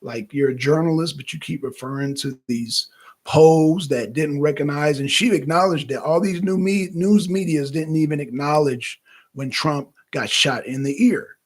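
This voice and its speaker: A man hosting a talk show, giving casual, animated political commentary that rambles and repeats itself. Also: fairly high pitch, moderate pace.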